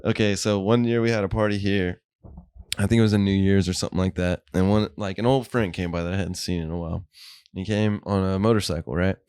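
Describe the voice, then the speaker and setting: A man's voice: low-pitched, steady tone, fast talker, a little mellow, smooth, no room sound, studio quality. A man co-hosting a podcast, telling crude party stories in casual, profane chat and laughing as he talks. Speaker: podcast co-host.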